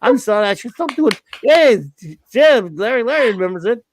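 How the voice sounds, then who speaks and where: Animated high-voiced man host. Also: brisk, slight background noise. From Louisiana, US. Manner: animated, breaks into a Cajun impression. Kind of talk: casual livestream chat.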